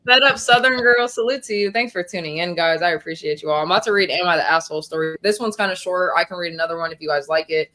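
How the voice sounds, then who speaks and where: A woman's voice: fairly low pitch, quick pace, hardly any pauses, bright, forceful tone. A woman hosting a casual live-stream panel and chatting with her guests. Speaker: host.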